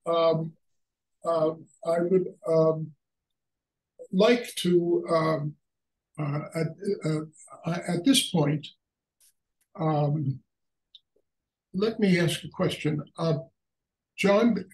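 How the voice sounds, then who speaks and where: An older man giving a halting academic lecture on poetry, full of fillers and restarts. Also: fairly high pitch, a little mellow, recorded from a distance. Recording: echoey room, speaker away from mic.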